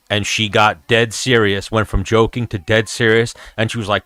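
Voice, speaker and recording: A man's voice: on the low side, little pitch movement, brisk, hardly any pauses, bright, forceful tone, clear, resonant tone, no room sound, clean studio sound. A man hosting his show, chatting casually and profanely as he reacts and tells stories. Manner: profane, storytelling. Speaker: show host.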